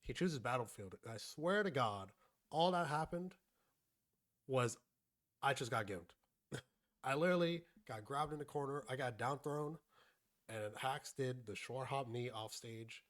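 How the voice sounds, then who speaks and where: A young man is telling a story, his voice sitting right in the middle of the male range. He rambles through it in loose, profane everyday talk and slips into quick impressions of his friends as he goes. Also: mid-range voice, a bit bright. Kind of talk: casual storytelling.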